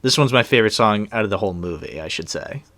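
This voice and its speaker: A young man chatting loosely over a film, trailing off and circling back with plenty of fillers. His voice sits on the lower side and the sound is dry and close to the mic. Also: animated, quick pace, fairly bright tone, no room sound. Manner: rambling, loose, with many fillers and trailing sentences. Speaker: co-host of a movie commentary. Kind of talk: casual movie commentary chat.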